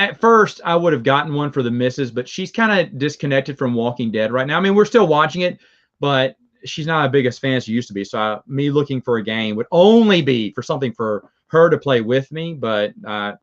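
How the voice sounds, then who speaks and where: A man's voice: mid-range voice, expressive, brisk, fairly bright tone, muffled recording. A man with a Southern accent, hosting a review show and chatting casually with viewers, rambling and chuckling as he goes. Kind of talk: casual live chat with viewers.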